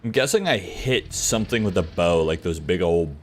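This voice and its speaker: Deep-voiced man rambling on a game stream. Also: expressive, moderate pace, a little hiss or hum. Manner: rambling, filler-heavy, swears casually. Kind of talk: casual live-stream chat while gaming. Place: home office.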